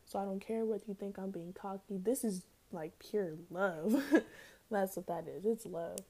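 Young woman, podcast host, casual rambling chat, slangy, mellow warm voice. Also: medium pitch, fairly even intonation, normal speed. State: out of breath.

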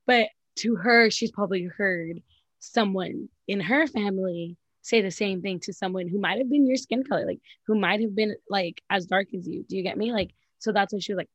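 A young woman in casual chat, giving blunt, animated, profane commentary. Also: medium pitch, fairly quick, dry recording. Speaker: podcast co-host.

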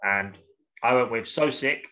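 A man chatting on a podcast, blunt and jokey, swearing freely. His voice is bright and forward, but the recording is dull and lo-fi. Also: medium pitch, unhurried. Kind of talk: casual podcast chat. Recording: dull lo-fi sound.

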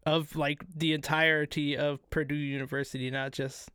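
A man co-hosting a casual podcast, telling history in a profane, excitable way. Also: on the high side, moderate pace, clear, resonant tone, dry recording. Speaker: podcast co-host. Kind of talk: casual chat.

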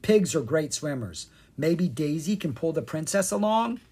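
A storybook narrator voicing a curious, excitable young boy who talks eagerly and exclaims. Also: medium pitch, measured pace, husky. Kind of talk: storybook reading.

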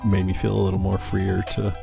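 Man co-host, very low gravelly voice, easygoing, music under. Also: monotone. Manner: easygoing, halting restarts. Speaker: podcast co-host. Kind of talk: casual chat, show outro.

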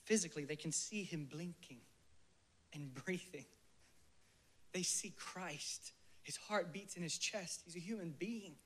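Over slight background noise, a preacher with a somewhat higher voice gives a sermon full of fervent conviction. Loud, emphatic bursts press his points home before he sinks to a soft, breathy near-whisper, and he leads prayer with slow, reverent phrasing.

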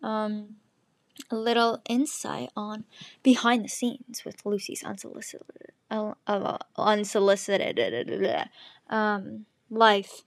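A podcast host in her twenties chats alone on her own show, rambling candidly with lots of "um"s and "like"s. Her medium-pitched voice stays fairly flat, she speaks slowly, and the recording is dry.

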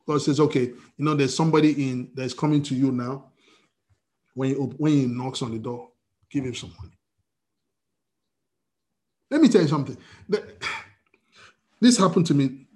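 A man preaching a sermon as pastor, telling a personal story with acted-out dialogue and swings from loud to quiet. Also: medium pitch, normal speed, long pauses. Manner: storytelling with quoted dialogue, wide swings in loudness. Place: church service via video call.

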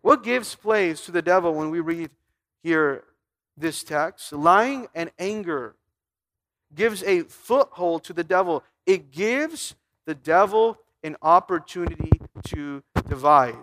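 Guy preaching, pretty high voice, keeps asking the crowd questions and reading verses out. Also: lively intonation, takes it slowly, fairly bright tone. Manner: preaching with rhetorical questions, reading scripture aloud; emphatic, with repeated stumbles and restarts. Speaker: pastor. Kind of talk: sermon.

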